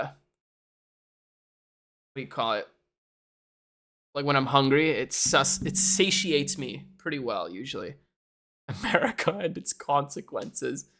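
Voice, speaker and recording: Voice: mid-range voice, fairly bright tone. A young adult from Canada, chatting casually and rambling on a live stream while reacting to chat. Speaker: livestreamer.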